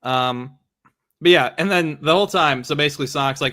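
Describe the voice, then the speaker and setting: A man's voice: a little high, lively intonation, a little fast, bright, forceful tone. A man hosting a casual chat about comics, laid back and laughing often while he quotes characters. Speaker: host.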